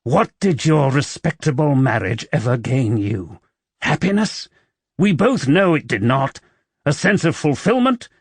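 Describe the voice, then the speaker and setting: Casting: a brooding young nobleman, read by a male narrator, coaxing and intense, with a lively pitch. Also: a little slow, husky, dry recording.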